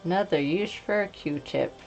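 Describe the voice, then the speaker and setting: A woman's voice: fairly low pitch, moderate pace, a little mellow, muffled recording, faint music behind. A woman streamer chatting casually while she paints, joking about herself and stumbling over her words. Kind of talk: casual live-stream chat.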